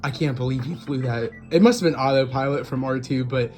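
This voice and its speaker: A man hosting a reaction video who talks excitedly, swears and laughs, with show audio playing behind him. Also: medium pitch, brisk, faint music behind. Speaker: YouTube reaction host.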